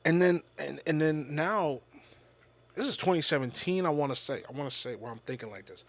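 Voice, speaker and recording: A man's voice: on the high side, expressive, moderate pace, creaky, pauses often. A man hosting a podcast, telling a personal story in a casual, reflective monologue. He often stops and repeats words, and he swears freely. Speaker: podcast host.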